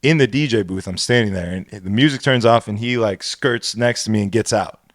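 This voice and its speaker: A man co-hosting a podcast, telling a profane, animated story in casual chat. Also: on the low side, a little fast, no echo, clean studio sound. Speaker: podcast co-host.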